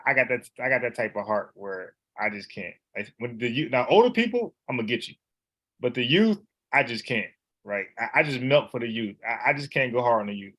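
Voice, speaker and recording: A man's voice: mid-range voice, lively intonation, fairly quick, fairly bright tone. A man teaching in a casual, conversational way, repeating words and explaining letters one by one. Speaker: Bible teacher.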